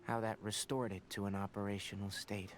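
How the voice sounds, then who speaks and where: An actor playing a somber young male scholar in a game, calm and measured. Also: on the low side, dry recording, natural voice.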